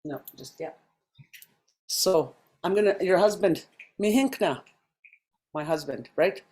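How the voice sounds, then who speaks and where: A woman teaching a language class over a video call, explaining step by step with frequent pauses and ums. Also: fairly low pitch, a little mellow.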